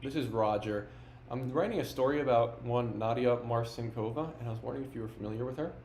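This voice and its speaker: A man's voice: medium pitch, fast talker, darkish tone, slight background noise. Earnest, dogged male video narrator. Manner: earnest, dogged, a bit confrontational. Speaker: online investigator making phone calls. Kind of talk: vlog narration and phone calls.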